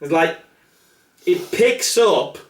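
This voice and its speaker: An excitable man recapping a film, stumbling and restarting as he rushes to act out the scenes. His voice is high and swings widely in pitch. He sounds set back from the mic in an echoey room. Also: distant mic. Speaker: co-host of a film review chat. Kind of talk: casual film review chat.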